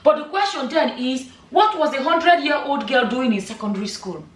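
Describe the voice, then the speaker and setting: This middle-aged vlogger's high voice is lively and a little fast as she gives emphatic, casual commentary packed with rhetorical questions and "you know". The recording is echoey, and she's slightly far from the microphone.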